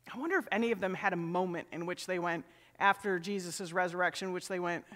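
A man's voice: sits high, a little fast, bright, forceful tone. A middle-aged male pastor preaching a sermon in a church sanctuary, talking conversationally and asking the congregation questions. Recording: long church reverb.

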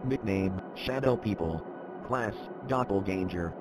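A man's voice: low voice, unhurried, music in the background, low-quality recording. A man narrating a formal training briefing in scripted narration.

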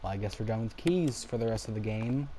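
Late at night at home, a young man narrates a game in a brisk, low-leaning voice. His let's-play commentary is casual and exasperated, full of swearing and laughter at his own slip-ups. A constant background hum runs throughout.

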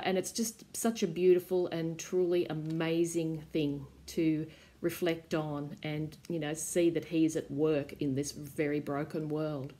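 A woman youth pastor giving a reflective devotional talk in a measured teaching manner. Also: lowish voice, warm tone.

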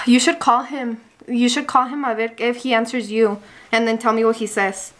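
A woman's voice: a little high, steady tone, normal speed, fairly bright tone. A woman in her twenties on a casual phone call, mixing English with Spanish words as she pulls a prank with her partner. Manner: code-switching between English and Spanish. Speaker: vlogger pranking her sister-in-law.

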